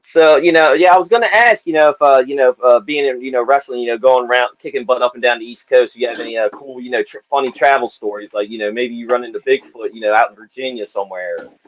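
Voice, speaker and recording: A man's voice: medium pitch, quick pace, hardly any pauses, no room sound, lo-fi sound. A man hosting a casual interview, laid-back, peppering every sentence with "man" and "you know". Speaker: interviewer host.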